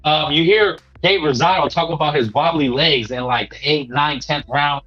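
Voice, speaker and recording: High-voiced man ranting about boxing. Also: normal speed, sharp tone, highs cut off. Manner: emphatic and preachy, repeats himself, peppers lines with "man". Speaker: boxing talk show host. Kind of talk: casual boxing commentary monologue.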